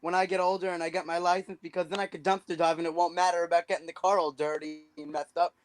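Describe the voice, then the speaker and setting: A man's voice: a little high, flat delivery, fast talker, noisy background. Teenage guy with a New York accent. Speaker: guest. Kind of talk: casual chat.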